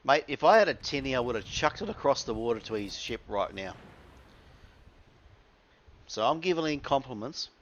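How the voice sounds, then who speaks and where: A man's voice: medium pitch, animated, normal speed, long pauses, dull audio. An Australian man giving casual, wry commentary over his own gameplay, full of crude slang.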